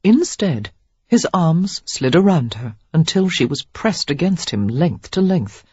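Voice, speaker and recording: A woman narrating a romance audiobook, measured and expressive. Her voice is husky and her pitch rises and falls widely. The recording sounds dull and dry. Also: no room sound. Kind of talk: scripted narration.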